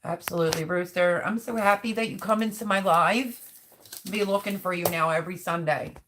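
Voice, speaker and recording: A woman's voice: on the low side, a little fast, background noise. A middle-aged woman hosting a live stream, reading viewers' chat comments aloud and answering them in a heartfelt, openly emotional, chatty way. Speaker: livestream host.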